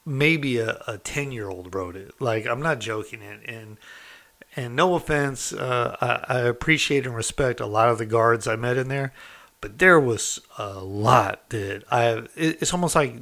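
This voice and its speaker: A man's voice: mid-range voice, unhurried, vocal fry, fairly bright tone. Man casually telling a prison story. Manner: loose and conversational, with many fillers like "you know" and "like". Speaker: former prison inmate telling his story.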